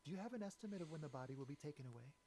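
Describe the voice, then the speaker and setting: An actor playing a nervous young man on a balcony, speaking in a quiet, lowered voice. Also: animated, very fast, a little hiss or hum. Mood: guarded. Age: young adult.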